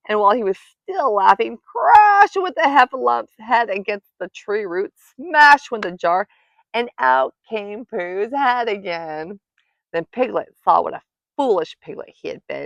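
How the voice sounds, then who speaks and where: A woman reading a classic children's story aloud in a gentle, cozy bedtime style. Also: mid-range voice, gravelly, no room sound. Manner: soft, cozy, expressive. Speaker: storytime reader. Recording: dull lo-fi dry recording.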